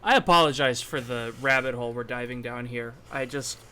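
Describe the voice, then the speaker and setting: A man's voice: medium pitch, fairly quick, bright, forceful tone, smooth. A young man co-hosting a casual podcast, talking in rambling, self-interrupting bursts. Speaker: podcast co-host. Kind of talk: casual anime podcast chat.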